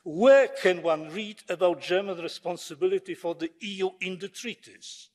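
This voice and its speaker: A man delivers a formal parliamentary speech, sharp and sarcastic in its jabs. His voice sits somewhat high for a man. It carries the long echo of a large debating chamber. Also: moderate pace. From Poland. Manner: sarcastic, combative oratory. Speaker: member of parliament. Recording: long reverb of a large hall.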